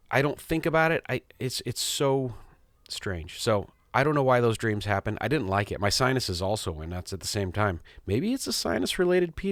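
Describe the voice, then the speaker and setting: A man's voice: mid-range voice, no room sound, studio quality. A middle-aged man hosting his podcast, telling a story in a rambling, self-amused casual monologue. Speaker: podcast host. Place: small home studio.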